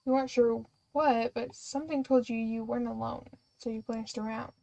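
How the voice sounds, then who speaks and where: A woman's voice: on the high side, fairly even intonation, moderate pace, creaky, warm tone, poor audio. A young woman streamer reading a story game aloud, breaking off into giggly, chatty asides. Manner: giggly, chatty, self-interrupting.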